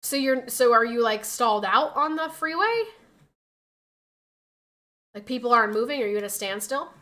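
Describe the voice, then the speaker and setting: Bright, high-voiced young woman streamer. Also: moderate pace. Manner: chatty, laughs often, quotes people in animated voices. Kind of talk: casual chat reading viewer messages.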